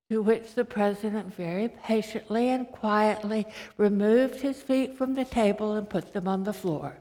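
A woman preacher tells stories gently and reads scripture slowly and deliberately. Her voice sits at a middle pitch. A long reverb from a large hall follows her words. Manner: gentle storytelling, slow scripture reading. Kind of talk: sermon with anecdotes.

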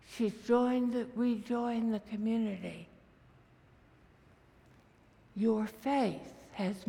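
A woman preacher giving a sermon, retelling a scripture story in vivid, unhurried detail. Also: fairly high pitch, in a large hall.

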